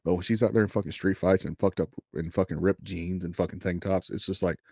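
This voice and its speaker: Deep-voiced crude wrestling podcast co-host. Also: male voice, fairly even intonation, fast, darkish tone, no echo, clean studio sound. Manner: crude, enthusiastic, swears a lot. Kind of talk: casual podcast chat.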